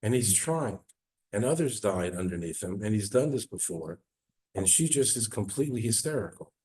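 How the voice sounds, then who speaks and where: Mellow-voiced rabbi telling a story. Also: male voice, sing-song, moderate pace. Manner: earnest, retells dramatic quotes, voice drops low and soft at sad moments. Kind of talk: emotional storytelling sermon. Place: synagogue.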